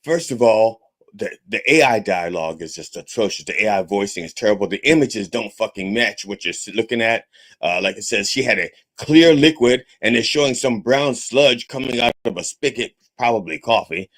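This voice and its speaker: A man's voice: lowish voice, lively intonation, normal speed, a bit bright. A man hosting a podcast in the persona of a reverend, delivering a profane comedic rant and tagging his points with a repeated okay. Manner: profane, repetitive, keeps asking okay. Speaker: podcast host styled as a reverend.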